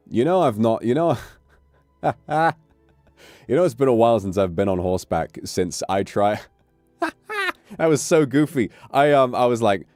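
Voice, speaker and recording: A man's voice: lowish voice, lively intonation, normal speed, a little mellow, no echo, soft background music. A British man chatting casually on a livestream, rambling and amused, with offhand swearing. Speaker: streamer.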